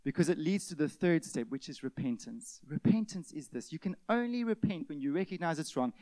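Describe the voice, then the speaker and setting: A male pastor preaching a sermon, swinging from loud emphatic peaks to hushed near-whispers and asking the congregation rhetorical questions. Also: fairly high pitch, lively intonation, fairly quick, few pauses, no room sound.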